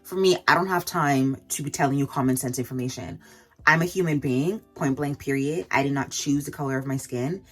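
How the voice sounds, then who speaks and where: A woman venting in a vlog while doing her makeup, firing off rhetorical questions with sharp jumps in pitch. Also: fairly quick, husky, faint music behind. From Canada. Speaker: vlogger.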